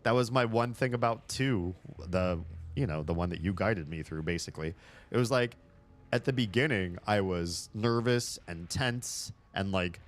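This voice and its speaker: Low-voiced man in casual game commentary. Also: moderate pace. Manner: chatty, swears freely, laughs at his own jokes. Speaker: streamer playing a horror game. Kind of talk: casual let's-play commentary.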